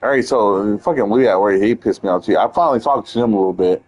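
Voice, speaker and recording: A young man chatting casually while gaming, animated and heavy on swearing, acting out the people in his stories. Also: lowish voice, fast talker, slight background noise, poor audio. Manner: profane, animated storytelling, mimics others. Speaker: streamer.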